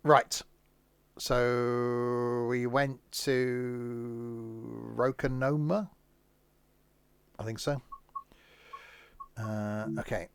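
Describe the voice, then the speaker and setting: A man's voice: mid-range voice, steady tone, very slow, gravelly, long pauses, clear, resonant tone, no echo. A British man chatting casually as he streams a train game, rambling into asides. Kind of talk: casual gameplay commentary.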